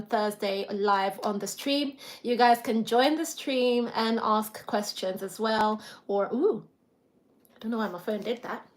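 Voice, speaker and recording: A woman vlogger with a higher voice hosts a casual live stream from her home kitchen, rambling, chatting, and laughing a lot while talking to herself over chores. The room is echoey, with audible background noise.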